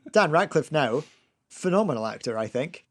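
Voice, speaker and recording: A man co-hosting a podcast in casual chat, chatty and quick to laugh, sometimes repeating words as he restarts a sentence. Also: on the high side, animated. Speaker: podcast co-host.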